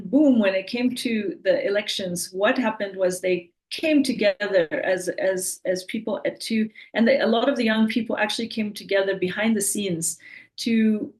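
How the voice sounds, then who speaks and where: A woman giving an online talk as the speaker, relaxed and full of fillers and restarts, on a video call. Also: medium pitch, low-quality recording.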